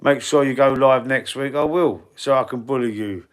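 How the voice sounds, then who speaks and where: Hosting a casual football-fan live stream, the Cockney-accented Englishman reads chat and rambles in relaxed slang. His mid-range voice is smooth, at a moderate pace with hardly any pauses, and he keeps chatting, repeating words and restarting.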